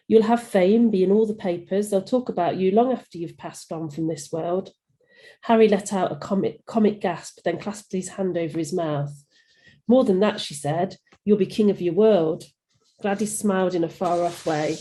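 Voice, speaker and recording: Woman, Nottingham accent, author reading fiction, warm dark tone, low pitch. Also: poor audio. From England. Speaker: author reading her novel. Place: home, online event.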